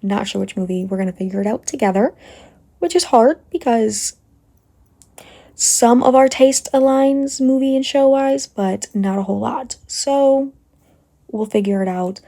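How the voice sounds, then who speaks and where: A young woman chats to her viewers in a casual home vlog, excitable and talkative. Her voice is mellow and warm, with no bright edge. It is recorded close on a phone in a small, dry room. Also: a little high, a little slow, no room sound. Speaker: vlogger.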